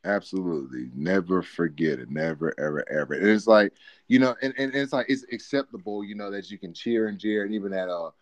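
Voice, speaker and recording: A man in casual chat who rambles, repeats himself and gets loud with excitement. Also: deep voice, fairly quick, no room sound.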